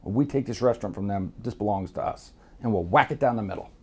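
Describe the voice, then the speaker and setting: Gravelly, blunt-talking man. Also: fairly low pitch, fast, darkish tone. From Miami, USA. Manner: blunt, profane, rambling. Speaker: guest storyteller. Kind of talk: candid storytelling.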